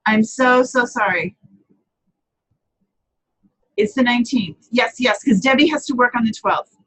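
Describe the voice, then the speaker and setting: A woman's voice: a little high, lively intonation, measured pace, fairly bright tone, breathy edge, low-quality recording. A woman hosting a live papercrafting chat, talking casually, answering viewers by name and often correcting herself as she goes.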